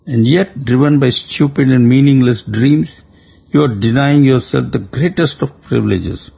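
A man's voice: medium pitch, creaky, mellow, breathy edge, muffled recording, full character voice. Ravana, a boastful demon king, as a man puts him on. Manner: grandiose, pompous persuasion.

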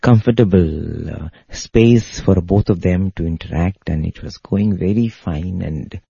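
A man's voice: low voice, unhurried, creaky, mellow, breathy edge, no room sound. A man telling a devotional story in an earnest, repetitive way, with fillers. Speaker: spiritual speaker. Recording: dull lo-fi recording.

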